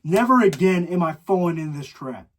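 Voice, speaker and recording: A man's voice: fairly high pitch, animated, moderate pace. Exasperated teen boy ranting on a podcast. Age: teens. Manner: exasperated, dramatic complaining. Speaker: podcast host. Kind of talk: solo podcast rant.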